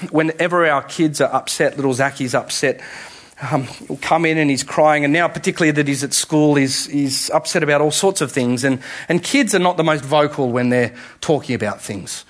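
A pastor delivering a sermon in a conversational way that builds to emphatic, repeated appeals. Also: male voice, a little high, moderate pace. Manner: conversational preaching, rising to emphatic repetition.

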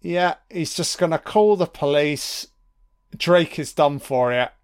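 Unhurried sweary film commentator, smooth voice. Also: male voice, a little high. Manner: sweary, wry and chatty. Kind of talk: casual audio commentary over a film.

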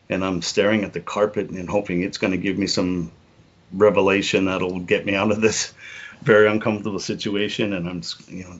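Middle-aged male guest, deep and husky, earnest halting delivery, muffled lo-fi recording. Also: flat delivery. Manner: earnest, halting, repeats words, many "you know" fillers. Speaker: podcast guest. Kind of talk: reflective personal storytelling.

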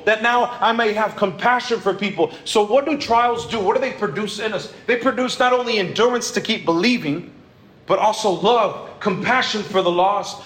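A man's voice: sits high, fairly bright tone, echoey room. A man in his thirties preaching a conversational sermon in a church, telling candid stories with self-mocking humor.

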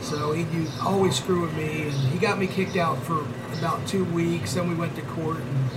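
High-voiced man telling profane stories. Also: steady tone, normal speed, very noisy. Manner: rambling, profane, laughs through his stories. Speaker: podcast host. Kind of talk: casual storytelling chat.

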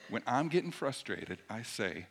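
A middle-aged man preaching a sermon in a conversational way, dropping at times to a hushed near-whisper. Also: mid-range voice, very animated, moderate pace, breathy edge. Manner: conversational, shifts between loud emphasis and hushed near-whisper. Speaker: pastor.

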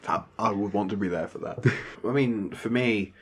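A man's voice: lowish voice, moderate pace, a bit bright, husky. A man with an English accent, co-hosting a podcast in casual, rambling chat with a self-deprecating streak. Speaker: podcast co-host.

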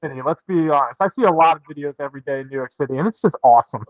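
A young man with a notably high voice chats on a podcast, jokey and animated. The sound is dull and lo-fi, with a very dry, close quality. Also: racing, no room sound. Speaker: podcast co-host. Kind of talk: casual chat.

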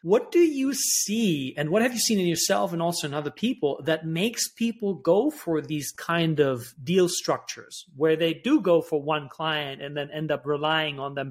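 A man's voice: on the high side, normal speed, few pauses. A man hosting a podcast, asking questions in a reflective, thinking-aloud way. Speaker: podcast host. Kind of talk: interview questions.

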